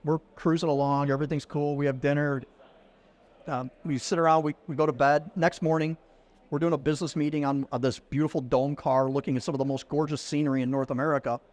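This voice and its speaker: Middle-aged man telling a lively story. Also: on the high side, fast. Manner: lively storyteller who acts out quoted dialogue. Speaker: podcast guest. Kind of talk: casual anecdote telling. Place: conference venue.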